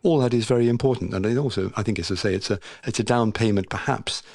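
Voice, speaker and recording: A man who is a former diplomat, giving measured analysis as a radio interview guest. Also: lowish voice, gravelly, darkish tone, no echo, studio quality.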